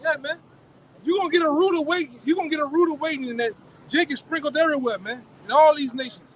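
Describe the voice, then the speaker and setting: A man reading scripture slowly outdoors, then talking casually in slang. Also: extremely high pitch, a bit bright, a little hiss or hum, poor audio.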